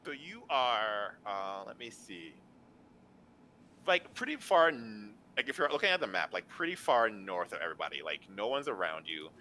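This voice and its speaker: A man narrates as game master of a tabletop game in a bright, forceful voice. His pitch moves a lot, and his delivery is loose and full of fillers. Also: sing-song, moderate pace.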